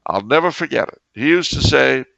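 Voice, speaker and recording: A man with a very gravelly, bright voice co-hosts a podcast in casual chat. He tells stories wryly and sarcastically, with sudden exclamations. The recording is dry and muffled. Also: medium pitch, animated, fairly quick, no room sound. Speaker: podcast co-host.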